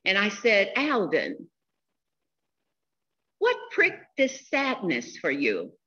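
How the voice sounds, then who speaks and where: A woman in her sixties giving a funeral eulogy, telling stories in a slow, heartfelt way. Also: mid-range voice, huge pitch swings, a bit bright, dull audio. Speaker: eulogy speaker.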